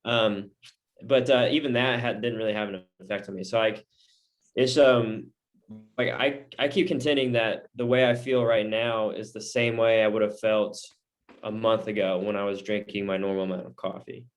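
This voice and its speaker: A young man with a low-pitched voice talks loosely in a casual podcast chat. He rambles, doubles back and restarts his sentences as he goes. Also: steady tone, normal speed. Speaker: podcast co-host.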